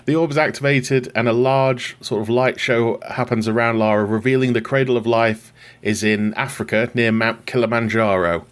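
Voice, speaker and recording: Working through his notes on a film, this podcast host keeps a steady tone and normal speed in his mid-range voice. His recap is chatty and dry-humored, and he often chuckles at his own jokes.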